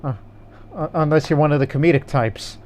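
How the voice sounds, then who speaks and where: A man's voice: fairly high pitch, steady tone, brisk, a little mellow. A man co-hosting a casual gaming podcast, rambling with fillers and restarts. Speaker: podcast co-host.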